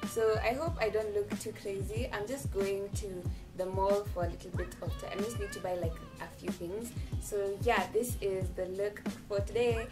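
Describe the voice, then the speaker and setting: A young woman with a medium-pitched voice speaks at normal speed with fairly even intonation and few pauses. Vlogging casually from her home bathroom, she's chatty, mocks herself, and laughs often, picked up by a nearby camera over clear background music.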